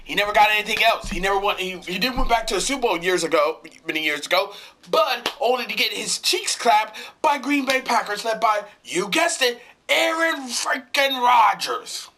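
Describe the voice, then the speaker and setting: Furious about his football team, a male sports fan vlogger swears often, repeats himself and fumbles his words in this angry rant. His voice sits high and sounds pushed and bright, with lively intonation at a moderate pace, and there's slight background noise.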